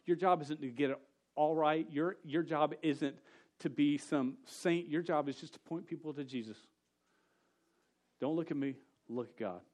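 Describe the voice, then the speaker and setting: A man preaching a casual sermon to a youth group. He tells a story with jokes and quick asides. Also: mid-range voice, a little mellow. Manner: storytelling, joking, rapid asides.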